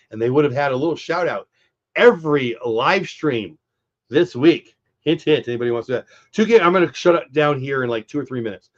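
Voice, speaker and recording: Sounding stuffed-up and congested, a middle-aged man chats upbeat and directly with viewers in a casual post-game live stream. His voice is mid-range, and the audio has its highs cut off.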